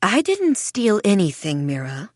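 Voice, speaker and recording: A woman's voice: lowish voice, big pitch swings, moderate pace, slightly rough, dry recording, clean studio sound. A woman doing a fawning, sugary shopkeeper. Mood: placating. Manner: soft, sugary and placating. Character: fawning, smiling middle-aged female shopkeeper.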